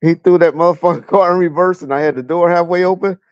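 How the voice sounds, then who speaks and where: A middle-aged Southern California man, a guest on a casual livestream chat at home with a fan running, chuckles through blunt, profane stories about his police years. His voice is high-pitched, steady, fast, clear, and resonant, in a dry recording with the highs cut off.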